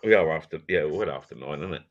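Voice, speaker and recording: A man's voice: extremely low pitch, quick pace, dull audio. A man chatting on a live stream, swearing a lot and joking with a laugh in his voice. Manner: sweary, laughing, mock-serious storytelling. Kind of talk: crude casual banter.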